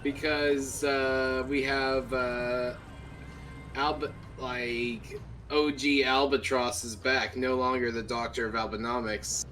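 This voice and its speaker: A man in easygoing chat, cracking jokes in a slow, drawn-out delivery. Faint game music sits in the background. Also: medium pitch, level tone, a bit bright. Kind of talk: casual chat.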